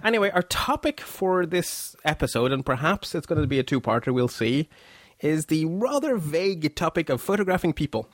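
A man's voice: a little high, very animated, normal speed, no echo, clean studio sound. A man hosting a photography podcast in a chatty, self-deprecating way, often restarting his sentences. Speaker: podcast host. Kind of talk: casual podcast chat.

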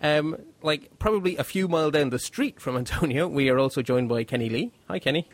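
A man's voice: fairly high pitch, lively intonation, brisk, no room sound. A man hosting a casual panel podcast, chatty and a bit rambling as he introduces guests and explains things. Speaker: podcast host.

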